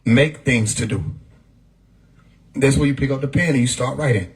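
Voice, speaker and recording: A man's voice: medium pitch, normal speed, low-quality recording. A man talking casually on a livestream, laid-back and profane, often laughing as he talks. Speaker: livestream host. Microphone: phone mic.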